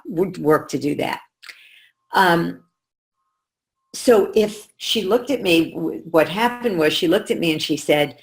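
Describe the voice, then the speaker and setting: A middle-aged woman coach explaining calmly and in measured steps to camera. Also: low voice, gravelly. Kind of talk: teaching talk to camera.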